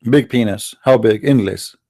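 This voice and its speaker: A man's voice: mid-range voice, a little slow, dark tone. A man hosting an online stream, mocking his opponents with sarcastic, taunting rhetorical questions into a computer mic. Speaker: live-stream host debating callers. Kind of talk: mocking polemic monologue.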